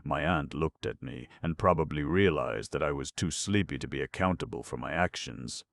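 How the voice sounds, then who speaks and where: An audiobook narrator reads a story aloud at a measured, even pace. His voice is extremely deep, with a gravelly fry, and the recording is dry and close to the mic.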